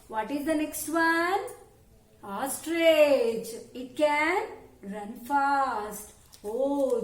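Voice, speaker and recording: A woman with an Indian English accent teaching young children a lesson in a slow, exaggerated storytelling manner. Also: high-pitched, echoey room.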